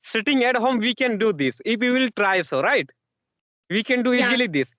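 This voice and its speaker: High-voiced man asking chatty questions. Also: expressive, normal speed, dry recording, muffled recording. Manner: repetitive, full of "you know" and "yes, yes". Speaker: interviewer. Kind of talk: casual conversation practice.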